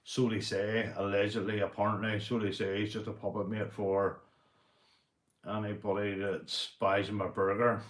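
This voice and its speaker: A man's voice: fairly low pitch, level tone, normal speed. Boisterous Northern Irish man, echoey room. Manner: rambling and boisterous, repeats "mate". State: drinking beer. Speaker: livestream host. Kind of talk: casual livestream chat.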